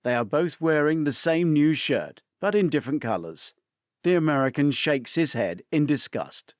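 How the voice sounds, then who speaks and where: A man's voice: on the high side, lively intonation, moderate pace, dry recording, clean studio sound. Man narrating a mystery story.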